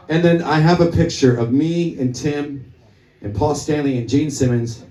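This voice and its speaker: A male musician spins a loose, profane story between songs at a small club gig. His voice is dark and mellow and sits back from the mic. The room's echo rings around every word. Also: on the high side, a little slow. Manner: profane, rambling anecdote told to the crowd. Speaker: musician on stage. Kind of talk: onstage storytelling at a live gig. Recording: echoey club, from a distance.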